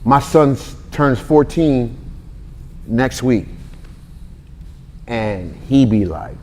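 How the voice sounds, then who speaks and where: A man in his forties teaches a sermon-style Bible lesson with a loose, conversational energy. He talks straight to the people in front of him and slips into the voices of the people in his stories. His pitch sits right in the middle for a man. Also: very slow, long pauses, a little hiss or hum. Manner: animated, talks straight to the audience, acts out quotes.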